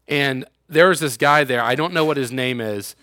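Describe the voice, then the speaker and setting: A man's voice: medium pitch, moderate pace, bright, forceful tone, no room sound, studio quality. A young man preaching a sermon in a casual, joking way, acting out quotes and using sarcasm. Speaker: youth pastor.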